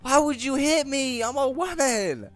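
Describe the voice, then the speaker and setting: Guy putting on a squeaky furious lady voice, shrieky and over the top, all swoopy. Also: animated, a little slow, no room sound. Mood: outraged. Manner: shrieking, high-pitched and exaggerated. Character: shrill indignant woman, outraged victim.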